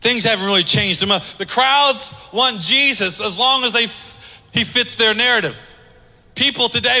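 A man preaching a sermon as pastor, emphatic, swinging between loud declarations and hushed asides. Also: extremely high pitch. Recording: long reverb of a large hall.

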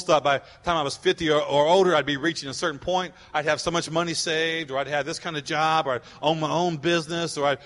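A male pastor delivers a fervent sermon in a high, bright, forceful voice. He hammers his points by repeating them and rises to shouts, with a long reverb trailing off the walls of a large hall.

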